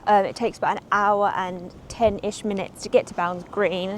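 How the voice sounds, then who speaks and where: A woman's voice: medium pitch, level tone, normal speed, a little hiss or hum. A woman, vlogging in a rambling, casual way while walking outdoors through a city, a little out of breath, on a clip-on mic. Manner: chatty and rambling, with frequent ums. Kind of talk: casual walk-and-talk vlog. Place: outdoors on city streets and transit. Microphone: small clip-on mic.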